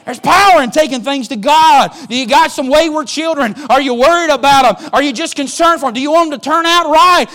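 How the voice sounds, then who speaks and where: A male pastor preaching a sermon. He calls out to the congregation and swings from quiet, low passages to loud, shouted exhortation. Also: fairly quick, hardly any pauses.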